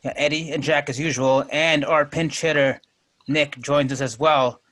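A man's voice: fairly high pitch, fairly even intonation, normal speed, fairly bright tone. A man hosting and moderating a casual group podcast, joking and laughing often.

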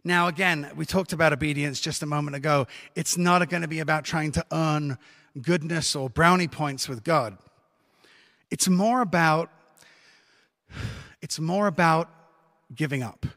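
A male pastor delivers a sermon in a lively, conversational way, dropping joking asides to the congregation. His voice sits fairly high for a man. The sound carries a long church reverb around it. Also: a little slow, long pauses.

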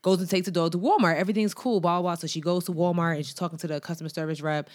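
Lady podcast host with a lowish voice, rambling through a story, lots of like and um. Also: steady tone, very fast, darkish tone. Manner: rambling storyteller, heavy on fillers. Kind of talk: casual podcast chat.

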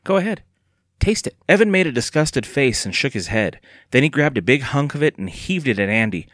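A man reading a children's spooky storybook aloud, expressive. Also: mid-range voice, brisk, no room sound, clean studio sound. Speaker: audiobook narrator. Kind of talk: scripted narration.

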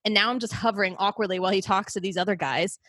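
A woman's voice: mid-range voice, rapid-fire, fairly bright tone, no echo. A young woman from Canada hosting a podcast, telling stories in a rambling, casual way with many fillers and restarts. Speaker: podcast host. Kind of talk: casual chat.

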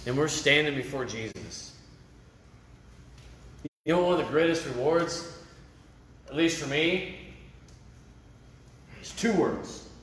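A man's voice: a little high, lively intonation, slow pace, pauses often, a bit bright, roomy sound, slight background noise. A middle-aged man preaching a sermon at a camp meeting, telling personal stories in a conversational way and often asking "right?". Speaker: lay preacher.

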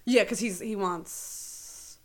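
A woman co-hosting a podcast in casual chat, animated and rambling as she hunts for words. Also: medium pitch, slow. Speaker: podcast co-host.

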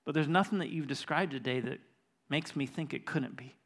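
Pastor telling a story from the pulpit, man with a slightly high voice, dropping to near-whispers and climbing to urgency. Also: fairly quick. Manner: retells a conversation, voice dropping to a hush then rising intense. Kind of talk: sermon storytelling. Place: church.

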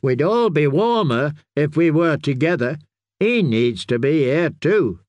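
A man's voice: a little high, expressive, measured pace, a little mellow, no room sound. A man voicing a timid, kindly young male steward who speaks earnestly and pleadingly. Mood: anxious.

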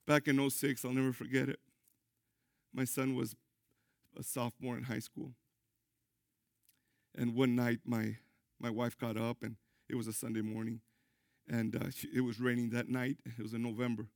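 A middle-aged man, a pastor preaching a sermon, emphatic, with sudden loud high bursts. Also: little pitch movement, normal speed, pauses often, dry recording, clean studio sound.

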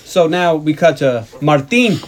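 A man's voice: on the high side, expressive, measured pace. A man co-hosting a movie podcast, retelling scenes in casual chat and laughing often. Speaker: podcast co-host.

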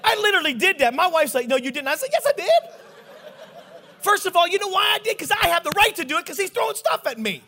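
A middle-aged man preaching a joking, animated sermon story and acting out the voices in it. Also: extremely high pitch, fast, few pauses.

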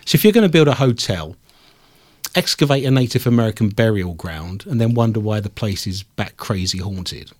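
A man's voice: lowish voice, lively intonation, moderate pace, dry recording. Dry-witted man hosting radio. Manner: dry, joking, rambling anecdotes. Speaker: radio show host. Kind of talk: casual radio banter. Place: radio studio.

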